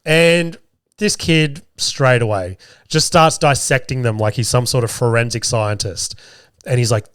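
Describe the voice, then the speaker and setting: A man's voice: medium pitch, unhurried, clean tone, no room sound, clean studio sound. Swearing Australian podcast host in his thirties. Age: 30s. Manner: swears constantly, animated and laughing while telling stories. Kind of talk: casual storytelling. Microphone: camera with podcast mic.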